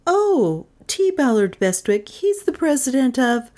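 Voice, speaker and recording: A woman reading a storybook who voices a wry, quick-witted young woman, pitching her voice well up with bright exclamations and dry understatement. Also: sing-song.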